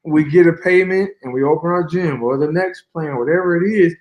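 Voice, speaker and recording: Guy on a call chatting easy and slangy, voice sits a bit high, just keeps the story rolling. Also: fairly quick. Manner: relaxed, colloquial, long flowing stories. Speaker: guest fighter. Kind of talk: casual interview talk.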